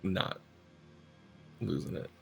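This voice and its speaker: A man's voice: takes it slowly, a little mellow, soft background music. A man player in a tabletop game, chatting and joking casually. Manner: joking, laughs often. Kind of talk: casual chat.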